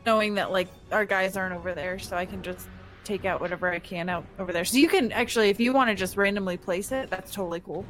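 A woman's voice: mid-range voice, quick pace, fairly bright tone, soft background music. A woman playing in an online tabletop game, talking through her move in a chatty, hesitant way. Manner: chatty, hesitant, thinks aloud. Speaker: player.

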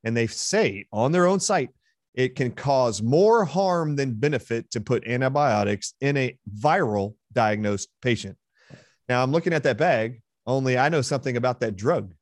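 A man's voice: mid-range voice, animated, normal speed, no echo, studio quality. A man being interviewed as a guest, retelling a heated exchange with force and emphasis. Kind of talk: interview storytelling.

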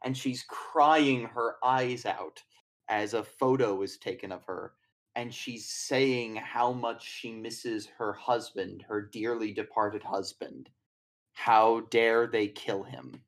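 A man runs a tabletop horror game and narrates scenes loosely, full of fillers. His manner is casual and relaxed. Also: lowish voice, takes it slowly. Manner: chatty, rambling, with casual fillers and swearing. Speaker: game master.

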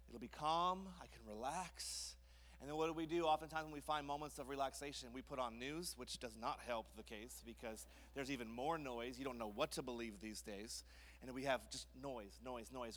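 A young man preaching a sermon in a church, telling lively family stories between scripture points. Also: on the high side. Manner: lively storytelling with kid impressions. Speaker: pastor. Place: church sanctuary. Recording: church hall reverb.

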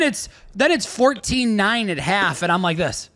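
A man co-hosting a sports betting show, talking picks in a loud, excitable, joking way that sometimes breaks into shouting. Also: sits high, normal speed, few pauses. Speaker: sports betting podcast co-host. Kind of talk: casual sports betting chat.

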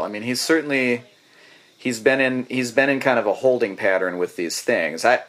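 A man's voice: lowish voice, fairly bright tone. A man co-hosting a casual podcast, rambling and joking with lots of fillers and restarts. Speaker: podcast co-host.

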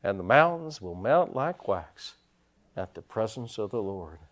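A man preaching a sermon as pastor, folksy, telling stories and swinging his loudness up and down, from the United States. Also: lowish voice, very animated, measured pace. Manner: folksy storytelling preacher, rising and dropping loudness.

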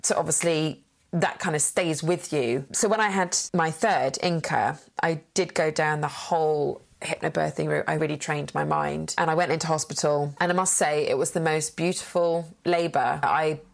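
A woman's voice: sits low, moderate pace, gravelly. A woman in her thirties, frankly and animatedly telling personal stories in a casual chat, acting out what others said. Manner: frank, animated, acts out quoted voices. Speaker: guest. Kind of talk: candid conversational storytelling.

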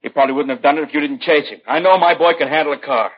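A man's voice: on the high side, rapid-fire, close to an everyday voice. Man playing a brash, belligerent father. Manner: belligerent, demanding, talks over others. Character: brash, defensive middle-aged father. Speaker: angry father of an injured teen. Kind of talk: 1950s radio drama acting. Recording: dull old radio broadcast.

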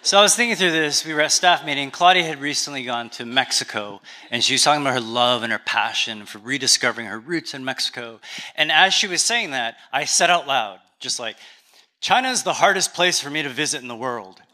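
A man, a pastor with a Canadian accent, preaching a sermon in a relaxed, conversational storytelling way with touches of humor. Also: medium pitch, brisk.

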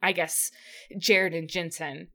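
A woman's voice: fairly low pitch, fairly even intonation, slow pace, pushed and bright. A woman co-hosting a casual podcast who laughs often, gushes and stumbles over her words. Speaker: podcast co-host. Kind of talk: casual chat, episode recap.

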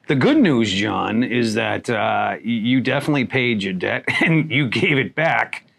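A man's voice: mid-range voice, animated, a little slow, creaky, fairly bright tone. A man hosting an interview show, who mostly answers with short affirming words before summing up the guest's story. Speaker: podcast host. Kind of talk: interview conversation.

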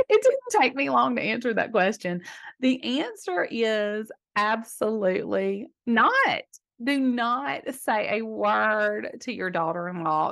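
A woman in her fifties with a Southern US accent, hosting a casual advice show and answering listener questions in an emphatic, chatty way with easy laughter. Her voice is a little hoarse today. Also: mid-range voice, fairly bright tone. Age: 50s.

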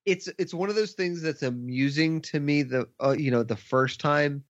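A man's voice: on the high side, moderate pace. A man co-hosting a podcast, talking about a film with dry, sarcastic asides. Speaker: podcast co-host. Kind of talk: casual film discussion. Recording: dull lo-fi audio.

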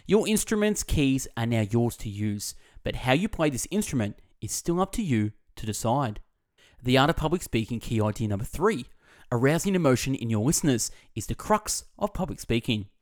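A man's voice: medium pitch, moderate pace. Man reading a book summary aloud. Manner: expressive reading that stresses key words. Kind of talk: scripted narration.

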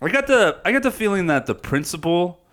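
A man co-hosting a podcast, chatting casually and telling stories in an expressive way. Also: sits high, a little fast. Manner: animated, expressive storyteller. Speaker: podcast co-host. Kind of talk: casual chat.

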